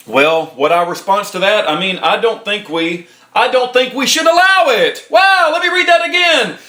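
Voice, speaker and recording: Reading from a court transcript, this man mocks the quoted lines in a low voice, offers indignant and sarcastic remarks, and breaks out shouting.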